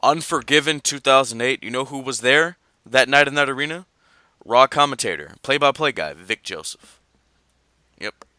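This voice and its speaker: A man co-hosting a casual wrestling podcast, reading fan mail and rambling through his opinions in an animated way. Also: medium pitch, normal speed, clear, resonant tone, no room sound. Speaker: podcast co-host.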